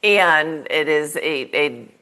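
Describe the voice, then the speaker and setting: Woman host, very low voice, thoughtful, restarts a lot, coaching podcast. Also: expressive, takes it slowly, pushed and bright, clean tone. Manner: thoughtful, restarts often, emphatic bursts. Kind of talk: conversational interview.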